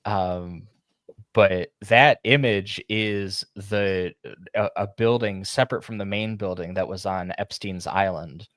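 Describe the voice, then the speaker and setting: A man in a casual podcast chat, explaining things in a halting way with frequent restarts. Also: lowish voice, a bit bright, dry recording, studio quality. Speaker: podcast co-host.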